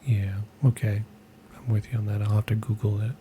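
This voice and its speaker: Flat-voiced man cracking dry jokes. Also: fairly low pitch, brisk, slight background noise. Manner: dry, joking asides. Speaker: off-camera helper.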